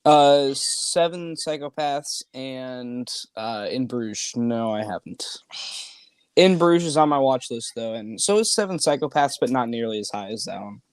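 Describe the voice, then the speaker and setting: A man guesting on a live online chat, rambling easily with plenty of fillers. His voice sits at an ordinary middle pitch. The recording is dry and close. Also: animated, a little slow, clean tone, no room sound. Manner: easygoing, rambling, lots of "like".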